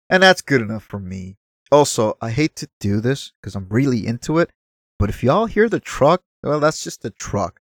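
Male vlogger reviewing a film, mid-pitched, conversational, a few verbal stumbles. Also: no echo, clean studio sound. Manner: chatty, apologetic asides, stumbles over words. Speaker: movie reviewer. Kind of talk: casual movie review commentary.

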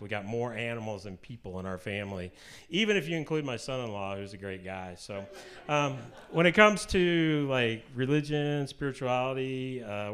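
A man's voice: mid-range voice, fairly bright tone. A man in his fifties from Kansas City, speaking as a guest at a church gathering in a chatty, joking way, with lots of ums and asides into a mic. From Kansas City, USA. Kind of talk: casual church talk to a live audience. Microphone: handheld or stand mic at a live talk.

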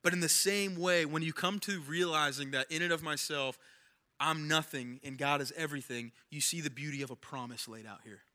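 A man's voice: fairly high pitch, sharp tone. A young man preaching a sermon in a casual, conversational way, repeating phrases for emphasis. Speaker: pastor.

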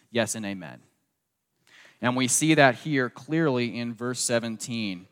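A man's voice: medium pitch, measured pace, smooth, in a large hall. A man preaching a sermon with a faint Southern accent, earnest and repeating phrases for emphasis, tagging points with "okay?". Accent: slight Southern. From southeastern United States. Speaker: pastor.

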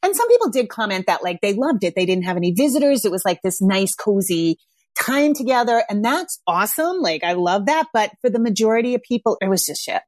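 A woman's voice: mid-range voice, sing-song, a little fast, a little mellow, no echo. A woman parenting coach hosting a podcast in a casual monologue, speaking frankly and emphatically and swearing freely. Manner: acts out parents' voices when quoting them.

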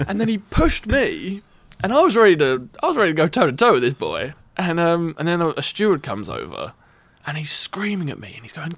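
Animated man telling a story. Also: a little high, a little fast, gravelly, dry recording. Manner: animated, acts out the voices in his story, laughs often. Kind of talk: casual chat, telling a story.

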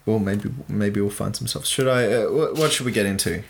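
A man's voice: fairly low pitch, gravelly, a little hiss or hum. A man co-hosting a casual joking book chat, reading passages and talking with many restarts and fillers. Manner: halting, many restarts and fillers, reads in a flat slow tone. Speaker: podcast co-host reading a book aloud.

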